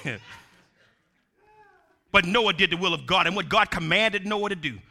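A man preaching a sermon, drawing phrases out slowly, then shouting at the peaks and laughing at his own asides. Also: high voice, vocal fry. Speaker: pastor.

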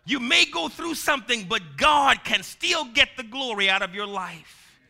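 A male preacher delivering a sermon, emphatic and repetitive, swinging from shouted lines down to low, quiet ones. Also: animated, unhurried. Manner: emphatic, rising to shouts then dropping low; repeats lines for the congregation to say.

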